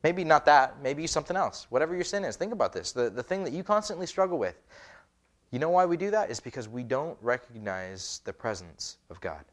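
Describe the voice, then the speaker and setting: A man's voice: mid-range voice, animated, brisk. A man, a pastor, preaching a conversational sermon with many rhetorical questions. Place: church.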